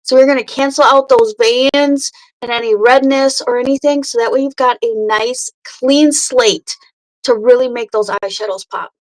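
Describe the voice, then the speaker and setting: A woman's voice: on the high side, steady tone, normal speed, poor audio. Chatty woman hosting a late-night makeup livestream. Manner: chatty, greets viewers by name, says "freaking" often. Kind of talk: casual livestream chat and makeup tutorial. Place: home at night.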